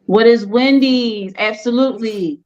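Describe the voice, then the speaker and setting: Quiz host, female, playful and teasing, higher voice, unhurried, lo-fi audio. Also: a little mellow. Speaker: game show host. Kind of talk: casual quiz hosting.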